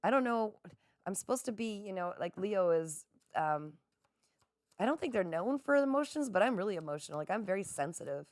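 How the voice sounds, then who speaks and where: Talking a little fast in a medium pitch, a middle-aged woman runs a livestream where she reads out comments and often laughs. She is excitable and speaks directly to her viewers, and the recording is dry and studio-quality.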